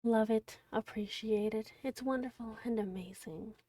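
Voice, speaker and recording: A young woman streamer chatting quietly and gently, half-whispering as she recaps a book she reads aloud. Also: medium pitch, measured pace, dry recording, recorded from a distance. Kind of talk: gentle soft-spoken livestream chat.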